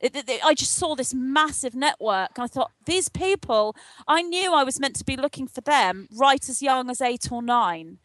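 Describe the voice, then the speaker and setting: An older woman with a fairly high voice tells her story in an earnest, animated way, slipping into the voices of the people in it. The sound is dry and close, with almost no room. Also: normal speed, few pauses, no echo. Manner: earnest, animated retelling with acted-out dialogue. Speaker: guest, spiritual channel. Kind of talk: interview, personal storytelling.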